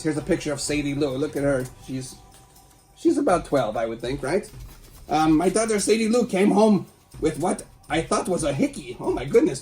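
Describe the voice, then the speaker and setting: A man's voice: a little high, darkish tone. A man hosting a comedy show, reading a tabloid article aloud and breaking off with playful, teasing asides to a silent puppet sidekick.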